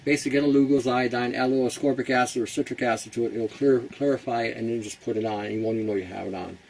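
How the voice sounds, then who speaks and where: A man's voice: mid-range voice, steady tone, rapid-fire, vocal fry, a little mellow, poor audio. A man hosting a casual how-to talk, chatty and blunt, laughing at his own jokes. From Canada. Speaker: host.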